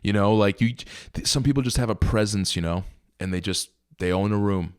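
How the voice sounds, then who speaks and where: A man's voice: lowish voice, a little fast, clean tone. A man co-hosting a podcast, chatting casually and telling a joke with lots of energy. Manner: animated storyteller, swears freely. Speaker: podcast co-host. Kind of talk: casual chat.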